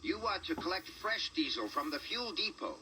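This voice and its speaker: Man doing a high, flustered quarry manager. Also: animated, moderate pace, pushed and bright, a little hiss or hum, heavily acted. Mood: alarmed. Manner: urgent, alarmed.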